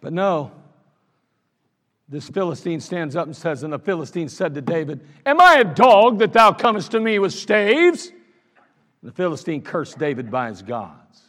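In an echoey church sanctuary with long reverb, a male pastor preaches a sermon in a fairly high, a bit bright, very animated voice, unhurried. He tells the story with animation and acts out the quoted lines.

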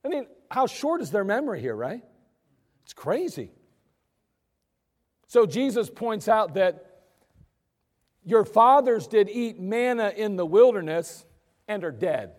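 A man preaching a sermon as pastor, in a chatty, animated storytelling way. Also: high voice, unhurried, pauses often. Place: church sanctuary. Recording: long reverb of a church hall.

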